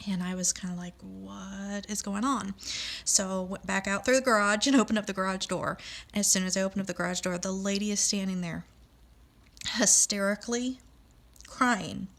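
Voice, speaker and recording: A woman's voice: medium pitch, fairly even intonation, normal speed, gravelly, a bit bright. Middle-aged woman, personal storyteller, emotional, acts out quoted voices.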